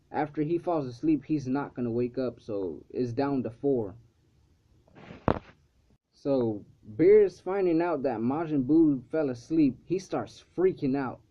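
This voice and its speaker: A man casually recapping a cartoon episode, rambling with lots of fillers and swearing freely. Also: mid-range voice. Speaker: episode reviewer. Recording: slightly dull lo-fi recording.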